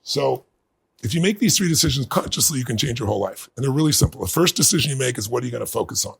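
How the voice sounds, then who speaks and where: A middle-aged man being interviewed, telling a personal story in earnest and building to bursts of excitement. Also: mid-range voice, very fast. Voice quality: gravelly, husky. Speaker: guest.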